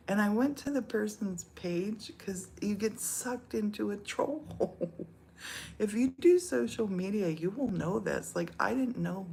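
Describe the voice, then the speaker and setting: A middle-aged American woman vlogger chats casually in a low, gravelly, slightly mellow voice, with a little hiss or hum on the recording. She laughs often and slips into whispers.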